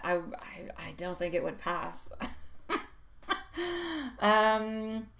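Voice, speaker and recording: Middle-aged woman hosting a live tarot stream; slow, bright, warmly chatty delivery with frequent laughter. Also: lowish voice, fairly even intonation, gravelly. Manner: chatty, affectionate, laughs often. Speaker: tarot reader.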